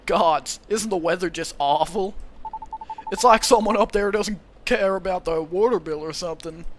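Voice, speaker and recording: A man's voice: high-pitched, moderate pace, a little hiss or hum, close to an everyday voice. A man voicing a laid-back young male satyr with a put-on Californian accent and a bleating, goat-like drawl. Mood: breezy. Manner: upbeat, easygoing slang.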